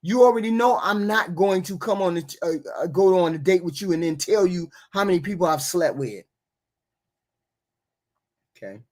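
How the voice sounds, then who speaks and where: A woman's voice: fairly low pitch, animated, moderate pace, long pauses, a little mellow. A woman hosting a livestream talk show, arguing with impassioned energy and often repeating herself as she presses her point. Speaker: host. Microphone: remote call.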